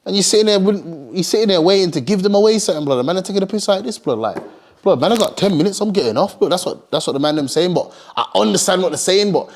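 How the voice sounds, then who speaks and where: A man's voice: high-pitched, quick pace. A young man telling a story in casual street slang, often acting out the people in it. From Birmingham, England. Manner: heavy street slang, animated retelling with acted quotes. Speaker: streetwear brand founder.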